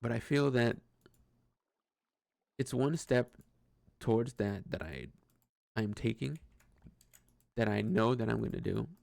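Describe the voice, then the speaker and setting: A man's voice: medium pitch, slow pace, gravelly, long pauses, a little mellow, no echo, studio quality. A man talking through a casual personal monologue, hesitant and rambling, with frequent restarts and swearing. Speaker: vlogger.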